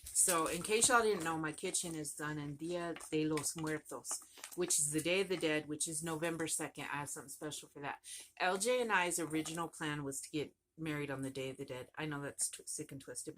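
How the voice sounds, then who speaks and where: A woman's voice: sits low, a little fast, fairly bright tone, slight background noise. A woman vlogging casually about her crochet project, rambling and chatty, often trailing off and starting over. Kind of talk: casual chat to camera.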